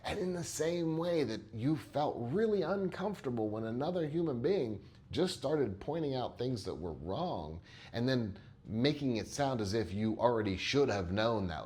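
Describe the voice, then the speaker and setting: Earnest low-voiced male therapist. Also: a little mellow. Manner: earnest, conversational, repeats words when starting a thought. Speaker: therapist and coach. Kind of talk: storytelling monologue.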